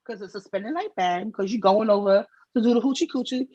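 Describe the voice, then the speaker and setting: A middle-aged woman, co-hosting a podcast and telling a long story in a casual, slangy, animated way. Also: medium pitch, fast talker, husky, no room sound. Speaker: podcast co-host. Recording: dull, slightly lo-fi sound.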